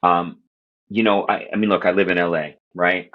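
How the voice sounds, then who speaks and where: A man from Queens, New York, telling stories as a podcast guest in animated, casual talk, swearing and acting out what people said. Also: low-pitched, moderate pace, lo-fi sound. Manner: animated, profane, acts out quoted voices. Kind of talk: casual storytelling chat.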